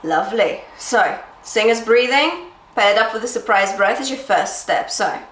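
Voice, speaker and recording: A woman vocal coach with a bright, lively voice gives an encouraging singing lesson at a moderate pace, checking in with "yeah?" and "okay?" and stopping to demonstrate sung phrases and light falsetto between explanations. The room echoes, and there's slight background noise.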